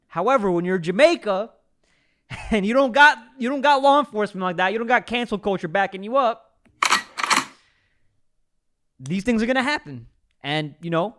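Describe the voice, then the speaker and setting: A young host with a fairly high voice reacts to a clip. He talks in an animated, slangy way and keeps up a running commentary.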